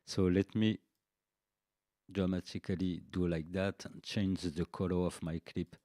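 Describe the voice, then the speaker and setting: On a live stream, a man patiently and slowly walks viewers through a music software tutorial, explaining things unhurriedly and checking in with frequent "okay"s. His very low, mellow voice is level in tone and recorded dry and close with no room sound, while faint drum machine beats tick in the background.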